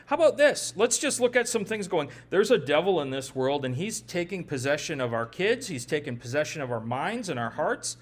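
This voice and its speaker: A man with a high-pitched voice preaches a sermon. He keeps it conversational and animated, often slipping into quoted back-and-forth dialogue. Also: moderate pace. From Upper Midwest of the United States. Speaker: pastor.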